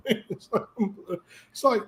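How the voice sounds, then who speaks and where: A British man on a casual chat show, ranting profanely and telling an animated story. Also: extremely high pitch, drawn-out words.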